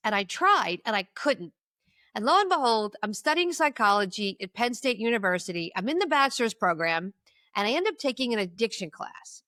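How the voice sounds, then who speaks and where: A woman's voice: fairly high pitch, big pitch swings, moderate pace, pushed and bright, dry recording, clean studio sound. A woman in her forties, an addictions coach, telling her personal story in a podcast interview and acting out the people she quotes.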